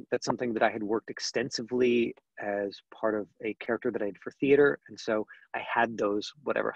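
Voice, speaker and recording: A man's voice: mid-range voice, vocal fry, no echo, dull audio. A man teaching acting in an online question-and-answer session, talking conversationally with many fillers and restarts. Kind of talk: online Q&A lesson.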